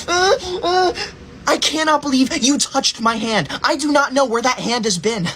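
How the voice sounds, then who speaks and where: A woman's voice: fairly high pitch, fairly bright tone, slight background noise. A woman playing a self-righteous, tattling know-it-all schoolgirl in a comedy skit. She talks in a whiny, overdramatic way.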